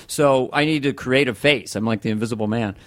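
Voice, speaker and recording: A middle-aged man, a comedian guest in casual podcast chat, animated and slipping into voices. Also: a little fast, no room sound, studio quality. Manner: animated, jumps in pitch, slips into voices.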